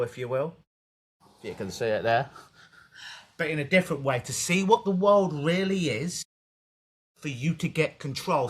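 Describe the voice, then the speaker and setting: Animated man, a hypnotist guest. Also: a little high, husky. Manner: animated storytelling, acts out quoted voices. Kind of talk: casual podcast interview. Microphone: video call.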